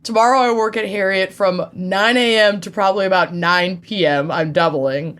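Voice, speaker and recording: Woman co-host in her 30s, mid-pitched, wry and blunt, casual swearing. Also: normal speed, fairly bright tone. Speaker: podcast co-host. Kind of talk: casual chat.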